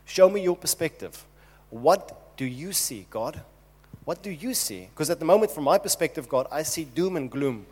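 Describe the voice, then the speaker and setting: A man's voice: medium pitch, animated, normal speed, darkish tone, lightly acted. A man preaching who voices King David as a desperate man pleading urgently with God. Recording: long hall reverb.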